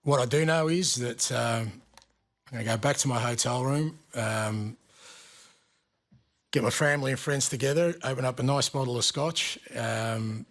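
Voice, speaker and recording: A man, a football manager, giving calm, reflective press conference answers with many pauses and ums. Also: medium pitch.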